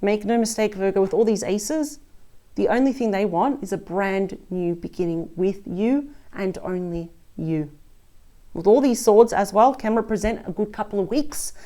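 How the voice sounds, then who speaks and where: A woman talks through a tarot reading in a casual, chatty way, breaking in with little exclamations and speaking straight to the listener. Her voice is mellow and warm, sitting at an ordinary middle pitch. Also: normal speed. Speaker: tarot reader.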